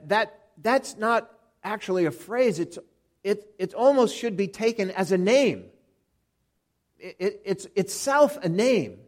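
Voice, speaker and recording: A man with a high voice delivers an expository sermon at an unhurried pace. He restarts and repeats words often, and leans on each quoted phrase. His talk is measured and deliberate. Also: darkish tone. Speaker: preacher.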